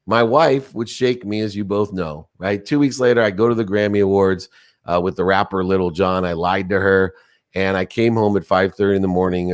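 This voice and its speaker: A man in his forties with a very low voice tells a personal story with intensity. He builds up and falls back with the emotion and chokes up at moments. The sound is close and dry. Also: dry recording. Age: 40s. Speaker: podcast guest.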